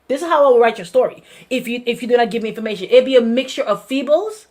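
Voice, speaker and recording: A woman pastor with a Brooklyn accent, hosting a weekly talk in an animated, conversational preaching style, often repeating her phrases. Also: a little high, quick pace, few pauses. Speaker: pastor and show host.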